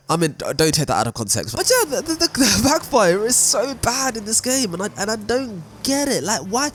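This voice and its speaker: A man giving casual, animated gameplay commentary as a video creator, exclaiming and laughing at what he shows. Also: high voice, brisk, few pauses, slight background noise.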